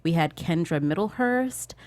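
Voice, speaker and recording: Low-pitched female co-host, animated and emphatic in a casual recap chat. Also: unhurried. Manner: animated, emphatic, laughs readily. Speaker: panel co-host.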